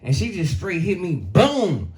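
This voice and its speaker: Profane storytelling comedian, fairly high voice. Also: male voice, huge pitch swings, measured pace, darkish tone. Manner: casual, profane and conversational. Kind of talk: stand-up storytelling.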